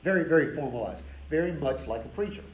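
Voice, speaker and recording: Man, professor lecturing a class, energetic and emphatic, casual asides, echoey room, faint noise. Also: a little high, fast. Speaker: history professor. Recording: roomy, dull lecture recording with faint noise.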